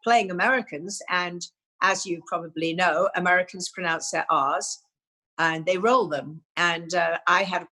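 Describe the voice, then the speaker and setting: An older woman with an English accent speaks in a fairly low register, telling stories as an interview guest. She rambles through her memories, with many small restarts and "you know"s. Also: moderate pace, sharp tone. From England. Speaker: guest actress. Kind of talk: reflective interview talk.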